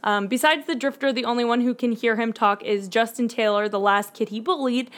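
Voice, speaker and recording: A young woman with a fairly high, bright voice talks a little fast while co-hosting a casual podcast. She's chatty and self-mocking, laughs often, and reads show summaries with lots of ums.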